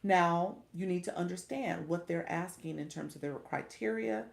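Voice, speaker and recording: A middle-aged woman, hosting a casual livestream. Her voice sits low and has a gravelly edge. She chats with viewers as friends and laughs often. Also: normal speed. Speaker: live coach.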